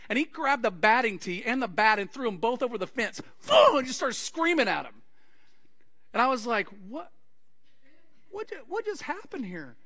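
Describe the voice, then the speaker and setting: A male pastor preaching a sermon to his congregation, acting out anecdotes and quoted conversations with lively energy. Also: extremely high pitch. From Texas. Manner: animated preaching with acted-out anecdotes. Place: church sanctuary.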